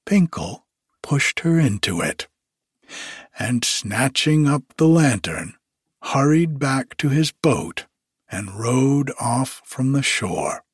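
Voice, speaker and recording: A man reading a fairy tale aloud as narrator in a slow, measured storybook style. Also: medium pitch, very animated, breathy edge, no echo, clean studio sound.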